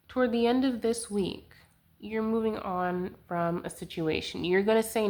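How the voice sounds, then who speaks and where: A woman's voice: mid-range voice, fairly even intonation, normal speed, darkish tone. A young woman giving a casual tarot reading to camera, chatty and giggly, full of fillers, talking into a handheld camera. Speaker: tarot reader. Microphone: handheld camera mic.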